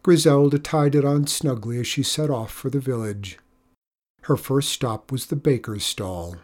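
A storyteller reads a folk tale aloud with measured, expressive pacing. The voice is husky and sits at a middling pitch. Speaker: narrator. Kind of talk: storybook narration.

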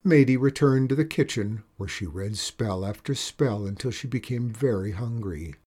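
A man reading a children's story aloud in a steady, measured way. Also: medium pitch, husky.

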